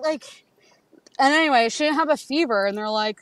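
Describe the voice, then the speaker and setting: A woman's voice: fairly high pitch, fast talker, a bit bright, no room sound. A woman talking as a podcast guest in casual conversation, telling candid stories, acting out what people said and swearing freely. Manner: candid storytelling, acts out quotes, swears freely.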